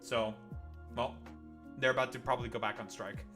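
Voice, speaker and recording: A man's voice: medium pitch, little pitch movement, moderate pace, over music. A tired young Canadian man streaming late at night, ranting sarcastically and profanely in a rambling way. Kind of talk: late-night livestream rant.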